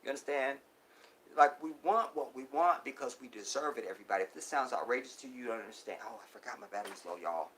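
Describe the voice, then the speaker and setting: Preachy livestream guy on his phone, goes loud then whispers, y'all this y'all that. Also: mid-range voice, expressive, fast talker, a little hiss or hum. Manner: preachy, addresses viewers as y'all; swings from loud outbursts to near whispers. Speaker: livestream host. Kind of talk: live streamed commentary.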